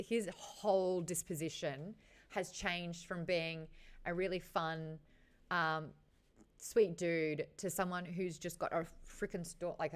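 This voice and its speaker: A woman hosting a casual book discussion, chatting frankly with her live viewers and swearing now and then. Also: low voice. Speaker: host of a book chat show.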